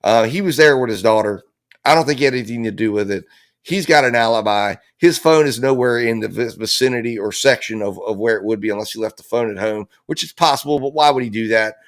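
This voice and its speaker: This true crime analysis host speaks in a mid-range voice at a quick clip, barely pausing. His legal commentary is impassioned, blunt and emphatic, with frequent profanity and phrases he keeps repeating.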